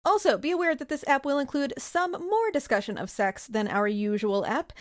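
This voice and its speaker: A woman hosting a casual podcast, a therapist talking in a playful, animated way. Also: high voice, moderate pace.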